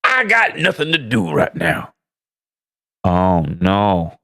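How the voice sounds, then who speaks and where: A man hosting a casual live stream, loudly greeting his chat with rambling, profane, self-mocking asides. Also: huge pitch swings, slow pace. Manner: greets chat loudly with big swooping pitch jumps. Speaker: livestream host.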